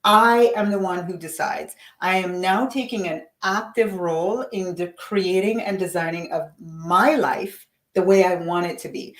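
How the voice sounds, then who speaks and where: A woman leading a live-stream coaching session, upbeat and encouraging, chatting to viewers by name. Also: fairly low pitch. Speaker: livestream coach. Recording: roomy echo.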